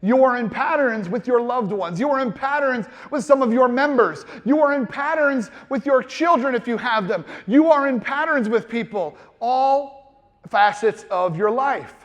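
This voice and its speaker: A man's voice: very high voice, animated, normal speed, long reverb tail. A man in his thirties giving a comedic motivational keynote speech, playful and self-deprecating, acting out little voices. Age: 30s. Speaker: keynote speaker. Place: large conference hall with audience.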